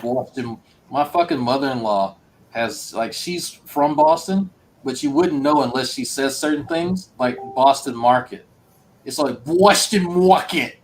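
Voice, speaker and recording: A man in a casual group voice chat, ribbing the others in a teasing, animated way. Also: mid-range voice, measured pace, a little hiss or hum, rough recording. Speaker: stream chat participant.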